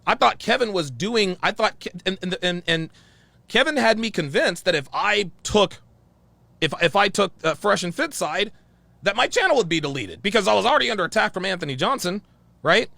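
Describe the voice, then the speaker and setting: A man's voice: high-pitched, lively intonation, moderate pace, gravelly, bright, forceful tone, no echo. A man hosting his channel, telling a story in a heated, profane way and repeating himself often. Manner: profane, repetitive, worked-up. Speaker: channel host.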